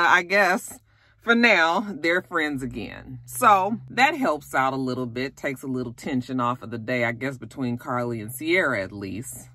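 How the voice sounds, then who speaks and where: Recap vlogger, candid and salty, chatty asides, bright tone, dry close sound. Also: mid-range voice, no room sound. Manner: candid, blunt and profane, chatty asides to viewers. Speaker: YouTube recap host. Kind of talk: casual reality TV recap.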